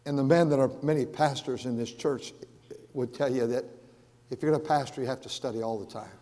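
Man, pastor, earnest sermon, repeats words, loud then hushed, long reverb in a big church. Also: mid-range voice, brisk. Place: large church sanctuary.

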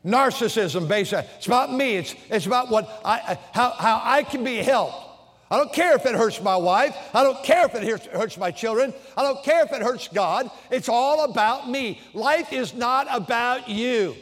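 High-voiced older preacher in a church hall. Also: male voice, lively intonation, moderate pace, breathy edge. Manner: earnest, preacherly, swings from quiet storytelling to loud exhortation. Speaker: pastor. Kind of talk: sermon. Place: church sanctuary. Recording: long reverb of a large church hall.

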